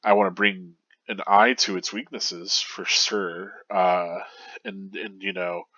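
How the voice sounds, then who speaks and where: A young man who hosts manga reviews talks through a chapter in a loose, rambling monologue, full of fillers and restarts. His voice is low and level, slow-paced, with a sharp tone, and he sounds stuffy and congested. The recording is lo-fi with no echo.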